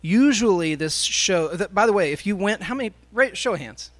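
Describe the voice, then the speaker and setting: Man, high voice, sermon, storytelling to a live crowd. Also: lively intonation, moderate pace, fairly bright tone. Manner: storytelling, addressing a live audience.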